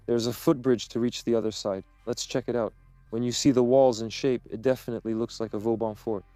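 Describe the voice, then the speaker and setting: A man narrating an exploration vlog as he guides viewers around, talking in an excitable, exclamatory way. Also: medium pitch, brisk, no room sound, faint music behind. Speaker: urban explorer vlogger.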